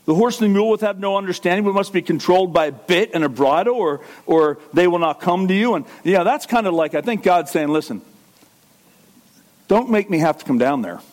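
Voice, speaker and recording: A pastor preaching to a congregation in a conversational way, asking questions and joking. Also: male voice, high-pitched, fast talker, hardly any pauses. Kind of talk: sermon.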